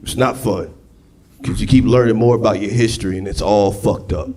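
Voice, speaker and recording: A young man performing a crude, excitable stand-up set, on a comedy club stage with a handheld mic. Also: lowish voice, fairly quick. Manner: loud, crude, excitable storytelling. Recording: live club with loud crowd. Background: audience laughing.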